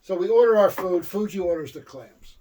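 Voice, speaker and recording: An older man co-hosts a casual chat and spins long, rambling stories. His voice is husky and sits fairly high. It is captured from a distance. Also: lively intonation, brisk, warm tone. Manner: rambling storyteller. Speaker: co-host.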